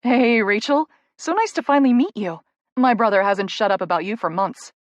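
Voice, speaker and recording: A woman narrator voicing a friendly woman in her late twenties in an audiobook, bright and welcoming. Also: mid-range voice, lively intonation, normal speed, dry recording, close to an everyday voice. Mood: cheerful.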